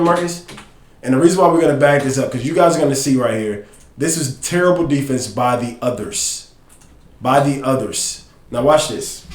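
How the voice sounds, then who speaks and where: A man with a high voice talks through game film on a casual podcast, slangy and animated. He keeps telling someone to pause and play. His voice rings in a roomy, echoey space. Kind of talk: casual sports film breakdown.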